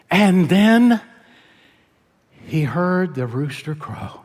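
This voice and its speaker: High-voiced preacher in a reverberant church. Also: male voice, big pitch swings, slow pace, fairly bright tone. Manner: earnest storytelling retelling a scripture scene. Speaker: pastor. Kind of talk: sermon. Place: church sanctuary.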